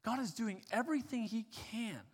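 A pastor with a very high-pitched voice tells a personal story during a sermon at normal speed. He's conversational and casual, using fillers and animated retelling, and a long hall reverb surrounds him.

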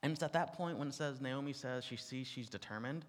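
With a brisk, medium-pitched voice, a man teaches a sermon to an audience in a big room, keeping it conversational with asides and bits of humor. The large hall leaves a long reverb on the recording.

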